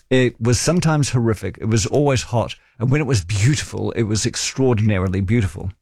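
A man's voice: fairly low pitch, fairly quick, gravelly, hardly any pauses, a little mellow, husky, no room sound, studio quality. A man in his forties with a New Zealand accent, hosting a talkback radio show and telling stories in a chatty, wry way.

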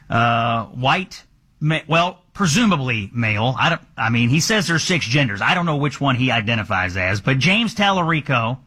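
A man's voice: medium pitch, bright, forceful tone, husky. A man hosting a political talk show in a sardonic, mocking way. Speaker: host.

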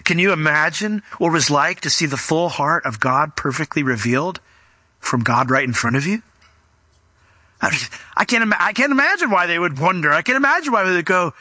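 A man's voice: on the high side, lively intonation, brisk, bright, forceful tone, no room sound. A man preaching a conversational, emphatic sermon as a pastor, explaining scripture to his congregation.

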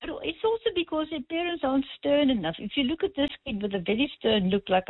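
A woman's voice: high voice, very animated, brisk, hardly any pauses, husky, no room sound. A woman calling in to a radio show, telling a story hesitantly with many ums but firm in her views. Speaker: caller. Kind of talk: phone-in anecdote. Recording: tinny phone line.

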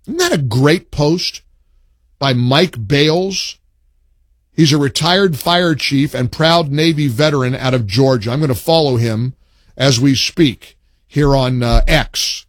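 A man's voice: medium pitch, no room sound. A man hosting a talk radio show, speaking emphatically with punchy stress and chatting with callers. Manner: emphatic, reads a post aloud with slow punchy stress.

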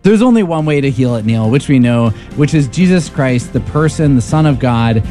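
A man's voice: mid-range voice, expressive, dark tone, faint music behind. A man co-hosting a radio pledge drive, making an earnest, persuasive appeal with some stumbles. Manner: earnest, persuasive, quick with repetitions. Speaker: radio co-host.

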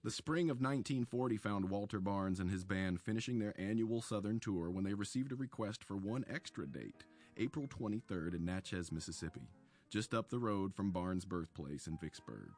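A man, an author, narrating a scripted radio history segment with a measured storytelling delivery. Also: fairly low pitch, lively intonation, darkish tone, faint music behind.

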